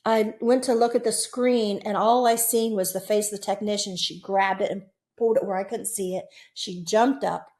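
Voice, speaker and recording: Woman, 60s, interview guest, heartfelt storyteller, mid-range voice that jumps up high and loud in the tense moments. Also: fairly even intonation, moderate pace, hardly any pauses. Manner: earnest, emotional storytelling with sudden high, loud bursts. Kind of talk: recounting personal near-death experiences.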